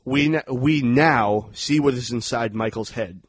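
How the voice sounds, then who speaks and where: Animated man recapping a movie. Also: medium pitch, unhurried, no echo. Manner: animated recapping with acted-out outbursts. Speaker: podcast co-host. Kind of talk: casual movie review chat.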